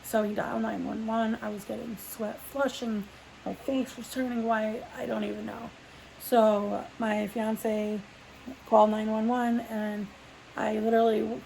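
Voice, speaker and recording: Woman vlogger, young adult, gravelly and rambling, faint room hum behind. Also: fairly high pitch, darkish tone, rough recording. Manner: rambling, full of "like" fillers and restarts. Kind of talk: casual sit-down storytelling.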